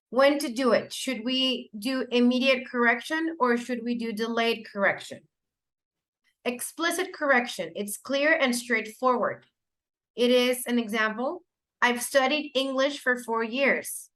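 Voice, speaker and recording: A woman whose first language is Spanish gives an explanatory teacher-training lecture, using fillers and correcting herself along the way. Her voice is fairly high and fairly bright.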